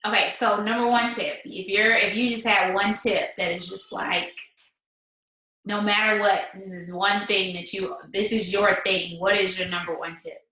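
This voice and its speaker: A woman's voice: mid-range voice, flat delivery, moderate pace, bright, forceful tone. A woman hosting an interview, asking questions in a friendly way and searching for words. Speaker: interview host. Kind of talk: casual interview. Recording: very echoey room.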